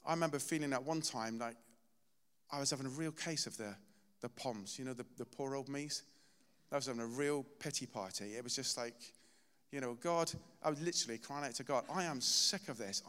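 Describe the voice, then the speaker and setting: A man delivers a relaxed, conversational sermon in a church, weaving personal anecdotes with light self-deprecating humor. His voice sits at an ordinary middle pitch and carries a long hall reverb. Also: clear, resonant tone. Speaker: preacher.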